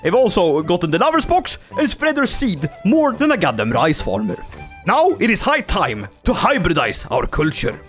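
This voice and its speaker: Hyped guy doing game commentary, super animated pitch, joking around, light music in the back. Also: normal speed. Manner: excitable, jokey, voices in-game characters in asides. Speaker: gaming YouTuber. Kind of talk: energetic gameplay commentary.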